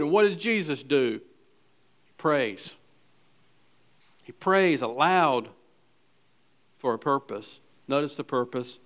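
A man preaching a sermon, reading scripture aloud and swinging between hushed, quiet passages and loud, fervent ones. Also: medium pitch, lively intonation, normal speed, long pauses. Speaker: pastor.

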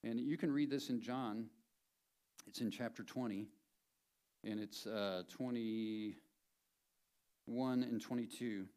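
A man's voice: fairly low pitch, fairly even intonation, slow, long pauses, warm tone. A man preaching a sermon as a pastor in a church, conversational and playful, driving points home by repeating them. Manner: conversational and playful, with emphatic repetition.

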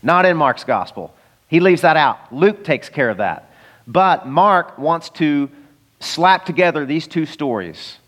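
A man's voice: on the high side, animated, a little slow, fairly bright tone, in a large hall. A man preaching a sermon in a conversational way, acting out the voices of the people he quotes. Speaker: pastor.

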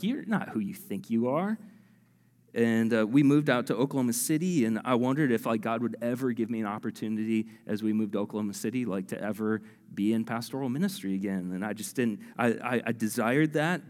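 Male pastor, mid-pitched, casual, animated sermon delivery, echoey hall. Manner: conversational, animated, self-deprecating, with many fillers.

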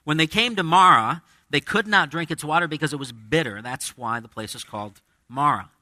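Bright, dry-voiced male pastor preaching. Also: fairly high pitch, fairly quick, dry recording. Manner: conversational preaching with dramatic quoted asides. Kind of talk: sermon. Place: church with a congregation.

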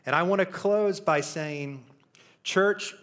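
A man's voice: high-pitched, slow, fairly bright tone. A man speaking as a youth pastor in church, recapping a weekend retreat with upbeat stories and rousing questions to the congregation. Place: church sanctuary.

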